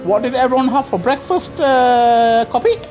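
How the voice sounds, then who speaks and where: A woman doing live racing gameplay commentary, excitable and trash-talking other drivers, bursting into shouts. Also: fairly high pitch, moderate pace, faint music behind. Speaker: gaming streamer.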